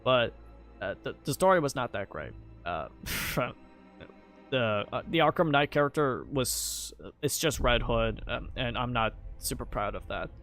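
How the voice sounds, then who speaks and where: A man's voice: medium pitch, animated, a bit bright. Man, live streamer, casual rambling commentary, lots of ums and restarts, music playing under him. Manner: halting, many fillers and restarts. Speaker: live streamer ranking games. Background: background music.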